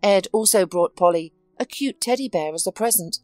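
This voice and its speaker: A woman narrating a dramatic story with scripted, expressive delivery. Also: medium pitch, moderate pace, dry recording, faint music behind.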